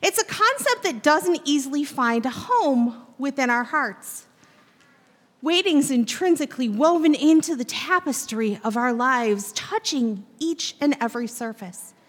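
A woman pastor delivers a sermon in a high voice that rises and falls with lively swings. She speaks to her congregation directly. The sound carries a long church reverb. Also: a little slow. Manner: expressive preaching that draws in the congregation. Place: church sanctuary.

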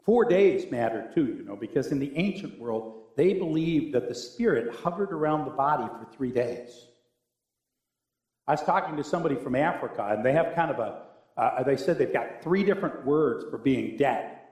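A male pastor preaching a sermon with animated, humorous storytelling. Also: mid-range voice, moderate pace. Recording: echoey room.

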